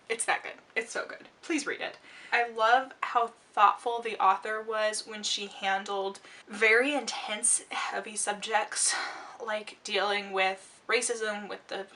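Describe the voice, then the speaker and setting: A woman reviewing a book while she does her makeup, talking in an excited, gushing way with lots of fillers and restarts, and sounding a bit out of breath. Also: medium pitch, unhurried, recorded from a distance.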